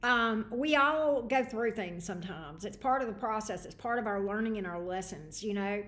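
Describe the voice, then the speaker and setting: A woman's voice: medium pitch, moderate pace, fairly bright tone. Chatty woman tarot reader, echoey room. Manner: chatty, greets viewers by name. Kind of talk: livestream tarot reading.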